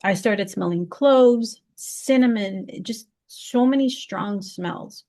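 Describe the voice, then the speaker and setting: A woman interview guest telling a personal story in conversation, heartfelt, often stopping to restart and repeat words. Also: takes it slowly. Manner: heartfelt, lively pitch swings.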